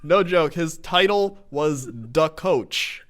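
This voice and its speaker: A man with a fairly high, animated voice reads odd news items and reader tips aloud on a comedy podcast. He plays the straight man to his partner's jokes, with a rising-and-falling delivery. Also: takes it slowly. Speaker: podcast co-host. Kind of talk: casual comedic banter, reading articles aloud.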